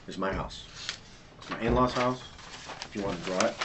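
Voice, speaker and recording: Brief: middle-aged male witness in a police interview room, lowish voice, retells events in a tumbling, repetitive rush. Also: a little fast, heavy background noise. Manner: tumbling, repetitive storytelling with restarts. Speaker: witness being questioned by police.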